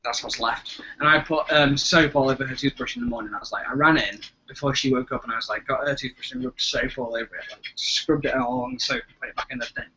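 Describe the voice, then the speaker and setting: A man's voice: medium pitch, fairly even intonation, quick pace, few pauses, sharp tone, slight background noise. A young man with an English accent, co-hosting a casual live chat, rambling and hesitant and swearing freely. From England. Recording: dull lo-fi webcam audio.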